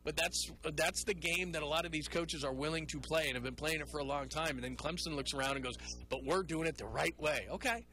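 A man hosting a call-in sports radio show, talking in an animated, rambling way and mocking people in put-on voices. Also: fairly high pitch, quick pace, hardly any pauses, rough recording.

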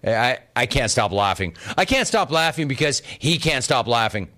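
A man's voice: medium pitch, lively intonation, normal speed, sharp tone. A man hosting a sports talk show, talking casually and sarcastically, often breaking into laughter while reading chat. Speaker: sports talk radio host.

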